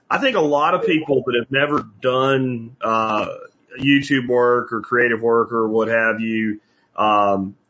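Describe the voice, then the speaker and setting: Chatty guy hosting a podcast, bright forceful voice, rambles a lot, muffled sound. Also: medium pitch. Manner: chatty, rambling, animated asides. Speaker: podcast host. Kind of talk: casual interview chat. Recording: dull lo-fi audio.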